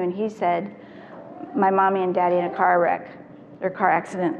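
A middle-aged woman, a child therapist, telling stories to parents in an animated way and acting out the voices she quotes. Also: medium pitch, brisk. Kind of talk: storytelling talk to parents. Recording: reverberant hall, dull lo-fi sound, faint noise.

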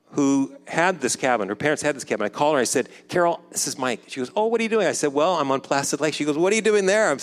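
Guy in his 50s telling a personal story, chatty, does everyone's voices, echoing around a big hall. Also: mid-range voice. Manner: conversational, acts out quoted dialogue, drops softer when reflective. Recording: long hall reverb.

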